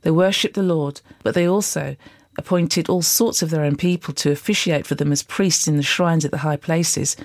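A reader delivering scripture at a steady, even pace. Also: medium pitch, normal speed, no echo, studio quality. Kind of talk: scripture reading.

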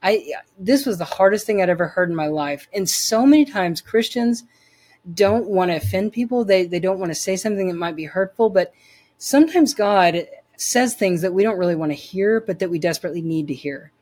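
An earnest woman speaks as an interview guest, sharing her personal faith testimony. Her voice sits at an ordinary middle pitch, and she leans on repeated phrases to drive each point home. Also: expressive, brisk, a little mellow.

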